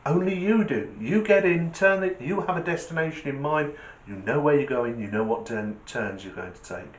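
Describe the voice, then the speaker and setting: A man's voice: on the high side, normal speed. A man, hosting his channel with a casual rant and a joke, acting out the voices as he goes. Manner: lively storyteller acting out voices. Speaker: channel host. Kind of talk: casual monologue and joke telling. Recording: echoey room.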